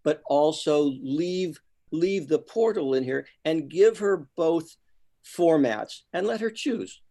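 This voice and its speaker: A man in a photography club talk, giving feedback in a halting way, repeating words as he goes. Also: a little high, lively intonation, dark tone. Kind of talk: casual club discussion. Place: online club meeting.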